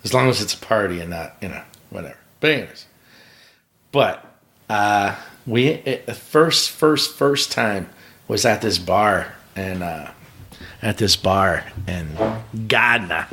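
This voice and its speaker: A man's voice: lowish voice, lively intonation, a little slow, sharp tone. A man, a pit crew member, guesting on a podcast and telling rambling, profane stories, often laughing. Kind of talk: casual storytelling.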